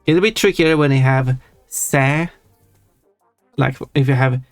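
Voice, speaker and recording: A Swedish-accented livestreamer talks things through in a loose, chatty way, backtracking and rephrasing as they explain. The voice sits at an ordinary middle pitch, and the sound is dry and close with no room echo. Soft music plays faintly underneath. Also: measured pace. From Sweden. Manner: chatty and explanatory, thinks aloud with restarts. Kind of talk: casual live-stream chat. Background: faint background music.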